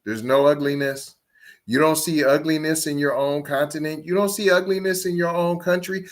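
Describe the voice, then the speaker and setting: A man hosting a podcast, reacting to a clip in a confrontational way with rapid rhetorical questions. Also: a little high, steady tone. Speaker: podcast host. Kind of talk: reaction commentary.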